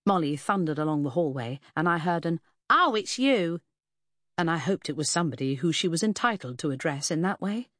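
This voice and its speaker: A woman narrating a first-person audiobook with an expressive, lively delivery. Her voice sits a little low for a woman and is recorded dry and close, with no room sound. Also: fast, few pauses, no echo. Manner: expressive, lively storytelling that shifts into character voices.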